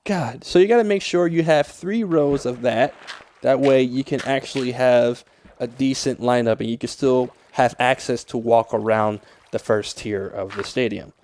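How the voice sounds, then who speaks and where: A man's voice: mid-range voice, normal speed, darkish tone, a little hiss or hum. A young man talking through a game tutorial in a casual, rambling way, swearing often and easily annoyed. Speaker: Minecraft tutorial creator. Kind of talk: casual gameplay tutorial voice-over.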